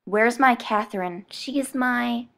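A woman voicing a confused, anxious boy who speaks in halting fragments. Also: a little high, vocal fry, fairly bright tone, heavily acted.

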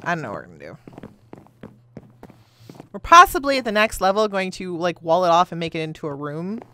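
A woman's voice: lowish voice, sing-song, a little fast, sharp tone. A woman in her thirties, a gaming video host, chatting casually and telling rambling stories while she plays, laughing often. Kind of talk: casual chat while playing a game.

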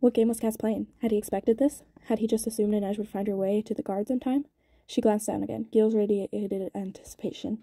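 A woman reading a novel aloud, quick, with small stumbles and restarts. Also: medium pitch, fairly even intonation, warm tone, no echo. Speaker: audiobook reader.

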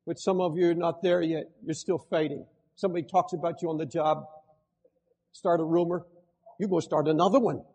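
An older male pastor delivering a fervent sermon straight to the congregation. His voice sits high and has a husky edge. It rings out with the long reverb of a large hall. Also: fairly even intonation, brisk, darkish tone. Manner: fervent preaching, direct address to the congregation.

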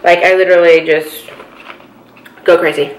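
A young woman hosting a mukbang eating show, chatting casually in a bubbly, giggly and loud way. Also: on the low side, little pitch movement, normal speed, a little hiss or hum. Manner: bubbly, giggly, talks loudly. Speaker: mukbang host. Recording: echoey room.

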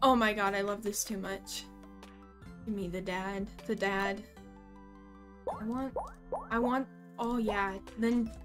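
A young woman streaming a game live, excitable and giggly, talking to herself as she plays. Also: fairly high pitch.

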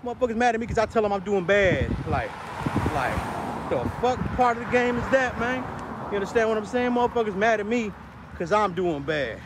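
A high-pitched man rants in a casual street vlog, full of streetwise slang and profanity. He is recorded outdoors on a city street, with loud traffic noise around him. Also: animated, a little fast. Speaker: vlogger.

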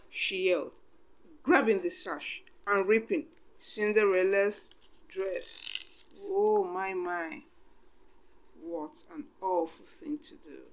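Slow, lively woman reading a storybook. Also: mid-range voice. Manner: expressive, with chatty asides to listeners.

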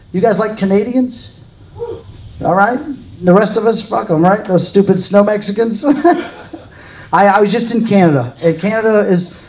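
On poor audio, a man from Louisiana performs a live stand-up set in a comedy club, his voice sitting high and a little mellow. His humor is dry and self-deprecating, and he chats with the crowd.

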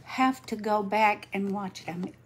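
Crafting during a casual livestream, an older woman talks in a folksy, tired way and says hello to viewers by name. She speaks at a measured pace in a mid-range voice, with a little hiss or hum underneath.

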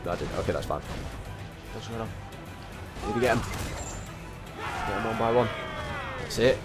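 Here a young man's fairly low, expressive voice moves at a normal speed while he plays, grumbling his frustrations over and over to nobody in particular. The game blares loud music and cannon fire behind him.

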